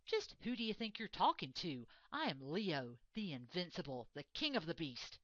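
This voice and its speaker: A woman's voice: fairly low pitch, very animated, normal speed, fairly bright tone, no room sound. A woman voicing a proud, lazy male lion king in a pompous, boastful manner. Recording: dull lo-fi dry recording.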